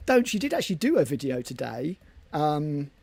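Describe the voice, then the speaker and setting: A man with a gravelly, slightly husky voice, pitched a bit higher than most men, chatting loosely on a hobby podcast. He rambles and swears casually. The sound is close and dry. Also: sing-song, moderate pace, darkish tone, dry recording. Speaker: podcast co-host. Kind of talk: casual chat.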